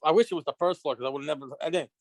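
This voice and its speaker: A man telling a story on a casual podcast, animated and profane, acting out the dialogue. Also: fairly high pitch, racing, dry recording. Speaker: guest.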